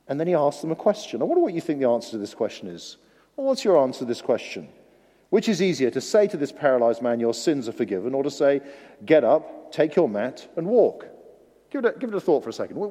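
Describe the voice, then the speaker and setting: A man preaches a lively sermon and acts out the voices he quotes. His words often stumble and restart. His voice carries a long reverb from a church hall. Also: on the high side, quick pace.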